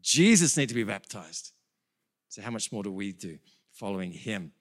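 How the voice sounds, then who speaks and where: A man preaching a sermon as pastor, animated and building to excited peaks, with quick self-corrections. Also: fairly low pitch.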